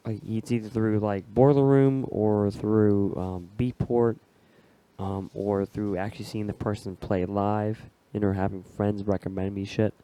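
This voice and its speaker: A man hosting a podcast, raspy from a cold, talking in a laid-back, slangy way. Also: lowish voice, level tone, a little slow, warm tone. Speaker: podcast host. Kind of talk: casual podcast chat.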